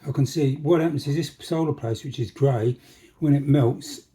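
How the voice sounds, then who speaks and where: A man's voice: medium pitch, normal speed, mellow, slightly rough, faint music behind. A man with a jokey, chatty manner, talking himself through a model-making job at his workbench. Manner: chatty, jokey asides, talks to himself while working. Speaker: model railway hobbyist. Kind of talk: casual workshop demonstration.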